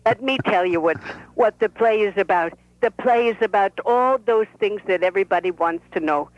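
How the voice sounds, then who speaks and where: A woman's voice: medium pitch, normal speed, no room sound, voice pushed up, lightly acted. A woman voicing a pushy, chatty elderly grandmother with a Brooklyn and Yiddish-tinged accent, heard over a dull telephone line. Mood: boastful, chatty. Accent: Brooklyn with Yiddish inflection. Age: older. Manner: brash, folksy, talks over people. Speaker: playwright performing her character.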